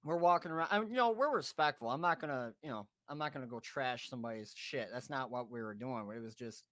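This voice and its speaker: Animated, bright-voiced man telling a wild story. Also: mid-range voice, fast talker, no echo. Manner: animated, swearing, laughing, acting out friends' voices. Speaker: podcast host. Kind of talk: casual storytelling.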